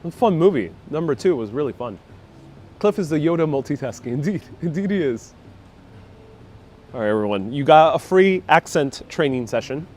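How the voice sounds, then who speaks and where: A man's voice: fairly high pitch, expressive, fairly quick, darkish tone, a little hiss or hum. A man hosting a casual walking live stream outdoors on a city street, joking around and reading viewer comments aloud. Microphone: phone on gimbal with wireless lapel mic.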